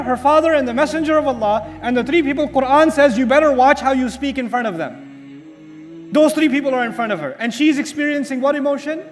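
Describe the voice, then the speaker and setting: A man giving an Islamic lecture, telling a story with dramatic pauses and asking the audience rhetorical questions that he then answers himself. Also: extremely high pitch. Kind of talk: religious lecture. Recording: hall reverb with faint music.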